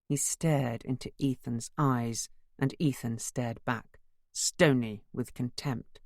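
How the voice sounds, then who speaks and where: A woman's voice: a bass voice, steady tone, takes it slowly, a little mellow, no room sound, studio quality. A woman narrating an audiobook in the first person, telling the story expressively. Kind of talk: scripted narration.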